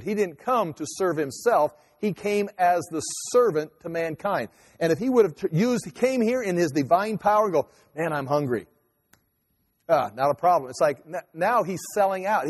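A man preaching a sermon in a conversational, animated way with quick asides. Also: sits high. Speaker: pastor. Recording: long hall reverb.

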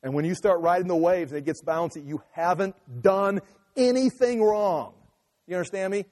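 A high-voiced man delivers a fiery sermon. He is emphatic and driven, and he often slips into mocking impressions of opponents. His voice rings out through a large hall with a long echo. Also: normal speed, darkish tone. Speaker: preacher. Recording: echoey hall.

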